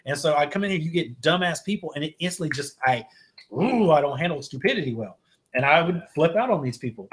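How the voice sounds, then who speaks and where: A man's voice: fairly high pitch, lively intonation, fast. A man hosting a podcast, talking bluntly and with a lot of swearing in a casual chat. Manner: blunt, profane, ranting. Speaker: podcast host.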